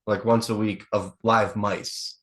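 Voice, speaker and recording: A man's voice: fairly low pitch, little pitch movement, takes it slowly, a bit bright. A man co-hosting a podcast, telling family stories in casual, profane chat with a laid-back delivery. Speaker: podcast co-host.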